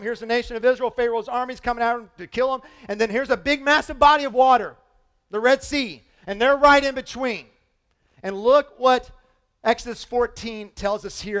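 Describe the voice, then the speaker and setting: A man preaching a sermon as pastor, animated and full of rhetorical questions, reading scripture aloud to his congregation. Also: high-pitched.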